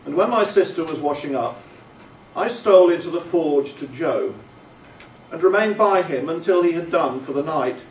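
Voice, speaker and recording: A man narrating an audiobook in a slow, measured storytelling way. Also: a little high, lively intonation, slight background noise. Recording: roomy, distant, faint ambience.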